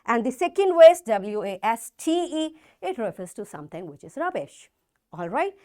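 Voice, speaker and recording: A woman teacher with a fairly high voice leads a school lesson, spelling words letter by letter. Her pitch swings widely as she stresses each example. She talks deliberately, repeating points for young pupils. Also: very animated, warm tone. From Pakistan. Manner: slow, emphatic spelling out of words. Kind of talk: classroom lesson.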